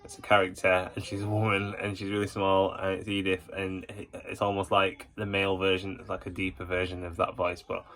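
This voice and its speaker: A man with a low, bright-edged voice hosts a casual ranking vlog. He rambles warmly as an enthusiastic fan, circling back with hesitations and filler. His delivery stays fairly level in pitch, with little rise and fall. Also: completely flat delivery, fairly quick, few pauses. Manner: rambling, full of hesitations and "you know". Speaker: YouTube channel host.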